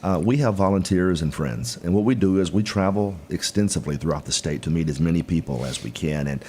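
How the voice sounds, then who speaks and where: Deep voiced guy, earnest and folksy, lots of uhs, a bit of hiss behind him. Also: lively intonation, fairly quick, warm tone. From Mississippi. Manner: earnest, folksy, many fillers. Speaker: political guest. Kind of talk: casual interview.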